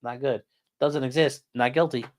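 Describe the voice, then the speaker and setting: A man's steady, mid-range voice moves at normal speed as he hosts a laid-back live stream. He reads from a document, wanders off into rambling chatter with his chat, and peppers it with crude humor and swearing.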